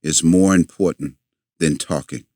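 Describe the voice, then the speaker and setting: An older man, a podcast guest, telling a long story in a halting way with many fillers and restarts. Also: low voice, fairly even intonation, a little mellow, dry recording.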